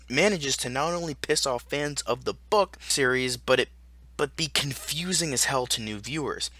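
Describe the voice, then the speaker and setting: A man's voice: medium pitch, pushed and bright, no room sound. A man angrily reviewing a film, ranting with heavy profanity and sarcasm. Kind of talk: angry scripted film review.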